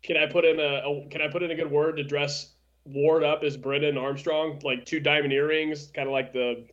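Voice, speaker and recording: Dry self-deprecating guy calling in on a muffled video call, slightly high voice. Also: flat delivery, moderate pace, fairly bright tone. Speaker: remote co-host on a video call. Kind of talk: casual sports talk. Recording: dull video call audio.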